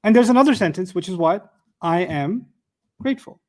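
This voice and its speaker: Man, high voice, live classroom lecture, step-by-step explaining, rhetorical questions, joking asides. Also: animated, moderate pace, darkish tone. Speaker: teacher.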